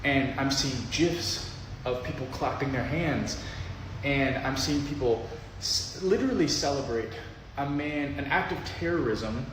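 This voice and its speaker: An exasperated man rants in a reaction video, stammering as his anger builds. He sits away from the mic in a very echoey room with clear noise behind him. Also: medium pitch, measured pace. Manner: exasperated, stammering, mocking impressions. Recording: echoey and noisy from far off.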